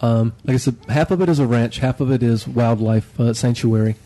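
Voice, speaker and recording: A man chatting as a guest on a podcast roundtable, telling a relaxed, rambling story about a day out. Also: medium pitch, brisk. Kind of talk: casual roundtable chat.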